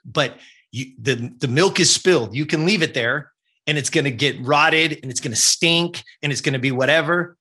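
A man's voice: on the high side, normal speed, bright, forceful tone, slightly rough. A man, telling a personal story as a guest in an earnest, emphatic way and often checking in with "right?". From Southern California. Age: 50s.

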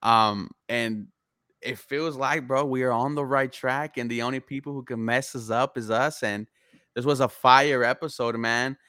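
A man's voice: medium pitch, steady tone, normal speed, sharp tone, no echo, clean studio sound. A young man from Houston co-hosting a casual sports chat, enthusiastic and conversational. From Houston, Texas. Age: young adult. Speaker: sports podcast co-host.

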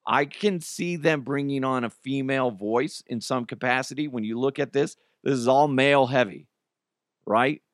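A man's voice: mid-range voice, normal speed, dry recording, studio quality. A man hosting a podcast, giving casual, opinionated commentary with joking asides while trying not to lose his voice. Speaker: podcast host.

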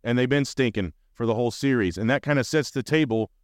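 A fired-up man talking sports on his podcast, rambling from one thought to the next and swearing freely. His voice is smooth and resonant at a middle pitch, recorded dry and close. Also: fast, dry recording. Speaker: podcast host. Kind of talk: casual sports fan talk.

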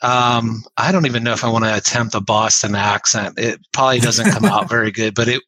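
A man's voice: mid-range voice, steady tone, a little fast, few pauses, sharp tone, no room sound. A man co-hosting a sports podcast, trading dry wisecracks in casual chat. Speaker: podcast co-host.

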